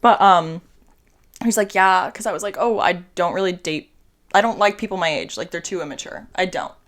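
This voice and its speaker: A woman's voice: on the low side, brisk. A young woman co-hosting a podcast, chatting casually in a blunt, outspoken, emphatic way. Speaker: podcast co-host. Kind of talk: casual chat.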